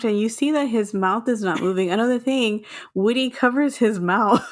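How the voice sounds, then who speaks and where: A woman with a mild Texan accent co-hosting a podcast in casual chat, chatty and quick to laugh, acting out little lines. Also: fairly high pitch. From Texas. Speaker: podcast co-host.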